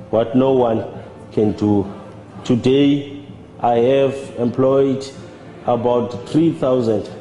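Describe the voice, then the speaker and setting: A man giving a measured, halting personal testimony as a church member. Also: medium pitch, warm tone. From South Africa. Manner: measured, halting, with repeated words. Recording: roomy with long reverb and faint music.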